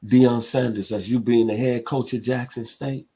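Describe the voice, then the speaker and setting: A man's voice: medium pitch, fairly even intonation, moderate pace, breathy edge. A middle-aged man from Memphis, hosting a sports talk radio show in an impassioned, emphatic monologue. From Memphis, Tennessee. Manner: impassioned, emphatic, builds to loud peaks.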